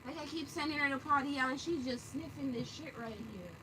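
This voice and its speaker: A woman's voice: high-pitched, brisk. A woman vlogging outdoors on her phone, bluntly scolding and cussing at her dog. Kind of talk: casual vlog chat. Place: outdoors on a street. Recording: noisy outdoor street recording.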